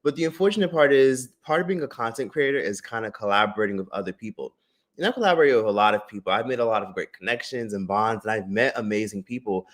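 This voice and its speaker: A man's voice: fairly low pitch, quick pace. Casual, profane man telling a story on stream. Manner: animated, profane storytelling with many "like" fillers. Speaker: streamer and drama commentator.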